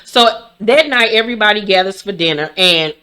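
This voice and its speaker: A woman hosting a casual, profane recap of a reality show, talking in a sassy, blunt and animated way with sudden shrieking outbursts. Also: medium pitch, normal speed.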